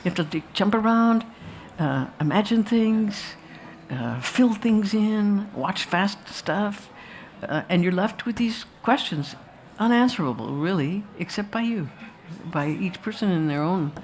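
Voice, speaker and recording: This filmmaker's voice is medium-pitched and expressive, a little slow, with a darkish tone and slight background noise. Talking live to a festival audience after the screening of her film, she rambles, tells stories, restarts and drifts into asides.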